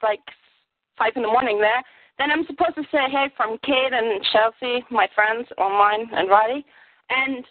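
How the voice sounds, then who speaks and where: A woman from Germany with a German accent, calling in excitedly and giggling between sentences. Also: fairly high pitch, no room sound. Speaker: caller. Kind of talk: phone call-in chat. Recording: tinny phone line.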